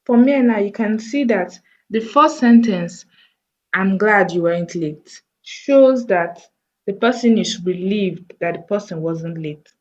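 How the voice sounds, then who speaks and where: A woman teaching a coding lesson over a screen recording, thinking aloud slowly as she types. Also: medium pitch, a little mellow, highs cut off. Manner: slow, thinking aloud while typing. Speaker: coding tutor.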